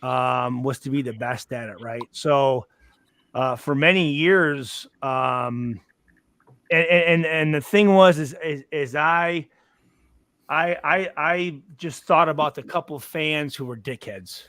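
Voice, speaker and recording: A man's voice: fairly high pitch, slow, fairly bright tone, dry recording. A man hosting a casual chat, a former football player who speaks bluntly with curses and stammered restarts.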